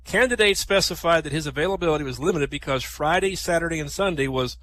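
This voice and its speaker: A man runs a comedy night, firing off stand-up jokes and laughing at his own punchlines, with a throat-clear here and there. His voice sits a little high and sounds bright and forceful. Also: fast, slight background noise. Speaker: comedian hosting a joke night. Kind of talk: stand-up joke telling.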